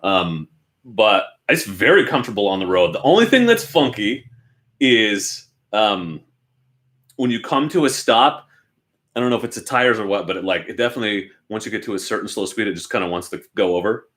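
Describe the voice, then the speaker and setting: A young adult man from Oregon, United States, hosts a motorcycle channel and casually answers viewers from his home garage, poking fun at himself. His fairly low voice is expressive and a bit bright, and he talks fairly quickly.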